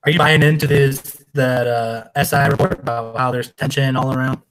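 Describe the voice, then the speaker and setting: A man co-hosting a casual sports chat, animated and joking as he talks football. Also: mid-range voice, a little hiss or hum. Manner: animated, joking, quick to laugh. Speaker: sports podcast co-host.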